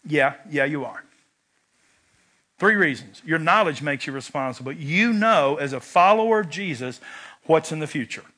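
A man's voice: fairly high pitch, normal speed. A man preaching a sermon, telling a personal story and acting out its lines. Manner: animated storyteller, shouts quoted lines. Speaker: pastor.

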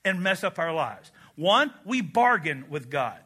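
A male pastor delivers a sermon in a church sanctuary. His voice sits high and sounds bright, and he keeps things animated and humorous, throwing questions out to the congregation. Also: a little slow, slightly rough.

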